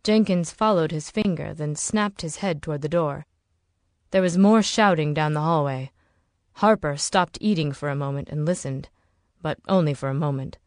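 A woman narrating a novel in a steady, measured way. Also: low voice, no echo, studio quality. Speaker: audiobook narrator. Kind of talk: scripted narration.

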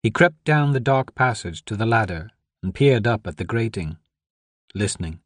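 Male audiobook narrator, measured and even, dry booth sound. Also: lowish voice, dry recording. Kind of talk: scripted narration.

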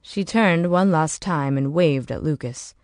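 A woman narrating an audiobook in a steady, measured way. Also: deep voice, no echo, studio quality.

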